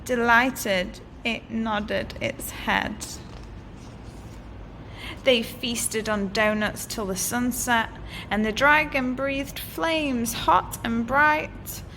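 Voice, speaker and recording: A woman teacher reading a picture book aloud to children in a clear, expressive way. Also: fairly high pitch, slight background noise. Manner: expressive and animated, slow and clear. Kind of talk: storybook read-aloud for children.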